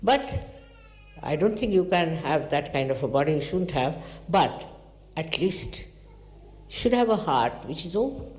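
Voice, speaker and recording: A woman delivers a spiritual talk to her followers, shifting from low, confiding phrases to sudden high exclamations as she tells her stories. The recording comes from a large hall with a long, ringing echo around her voice. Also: a little slow, long pauses. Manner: animated storytelling with sudden pitch jumps. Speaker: spiritual teacher.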